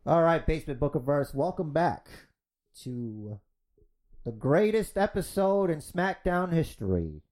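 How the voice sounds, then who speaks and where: Energetic foul-mouthed podcast dude, fake wrestling play by play, voice jumps all over the place. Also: male voice, a little high. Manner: energetic, crude, fast-talking. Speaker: podcast host. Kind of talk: mock wrestling play-by-play and casual chat.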